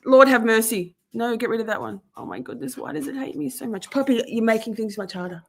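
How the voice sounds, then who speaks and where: A woman's voice: a little high, fast talker, gravelly, darkish tone, slightly rough. A woman streaming live, chatting casually to her viewers and swearing freely while she fights with her gear.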